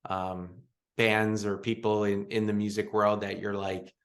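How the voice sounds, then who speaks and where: A man's voice: fairly low pitch, little pitch movement, measured pace. A man hosting a podcast interview, asking loose, meandering questions and laughing often. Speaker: podcast host. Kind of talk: casual interview chat.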